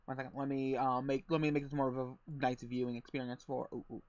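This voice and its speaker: A man's voice: mid-range voice, flat delivery, fast talker, a little mellow, dry recording. A man hosting a group stream, easygoing, talking through what he scrolls and shares on screen. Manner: easygoing, narrates his scrolling aloud. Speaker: stream host sharing screen. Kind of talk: casual chat on a group stream.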